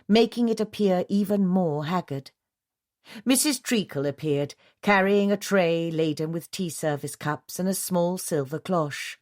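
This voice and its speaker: A woman narrating a novel as an audiobook, in a steady and even reading. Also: fairly low pitch, no room sound, studio quality.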